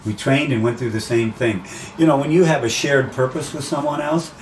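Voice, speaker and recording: A middle-aged man, a race announcer, chatting casually in an interview outdoors by the sea and acting out quotes with lively jumps in pitch. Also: brisk. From USA. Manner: animated, acts out quotes with rising pitch. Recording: roomy and distant with faint noise.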